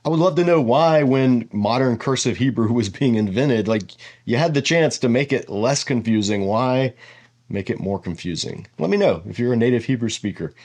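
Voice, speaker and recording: A man's voice: medium pitch, animated, moderate pace, a little mellow. A man giving a casual whiteboard lesson as a Bible teacher, explaining step by step and thinking aloud with asides.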